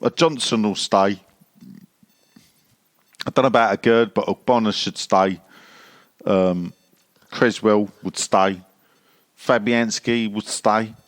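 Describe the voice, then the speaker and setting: A man's voice: fairly low pitch, fairly even intonation, slow, pauses often, dry recording. Blunt, sweary man reading questions. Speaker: podcast co-host reading listener questions. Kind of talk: casual football podcast banter.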